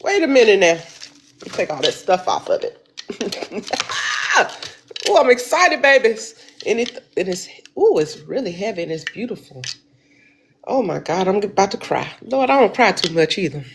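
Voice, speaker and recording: Animated woman hosting a livestream. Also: medium pitch, moderate pace, slight background noise. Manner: animated, exclaiming, calls listeners baby. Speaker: host of a weekly affirmation livestream. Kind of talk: casual livestream chat.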